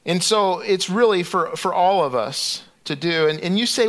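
A middle-aged man preaching a sermon in a conversational, animated storytelling way, often restarting his sentences. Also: sits high, moderate pace. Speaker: pastor.

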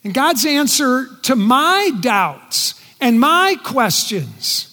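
High-voiced preacher with a lively, slow delivery. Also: male voice. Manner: earnest, plays out quoted voices, drops soft on quoted words. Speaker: pastor. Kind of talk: sermon. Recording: long reverb in a large hall.

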